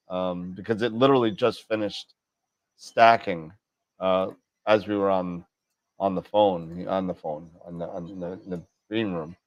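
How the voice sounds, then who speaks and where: A man's voice: low voice, highs cut off. A man hosting a casual astronomy gear chat, rambling with many restarts and jokes. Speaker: show host, telescope dealer.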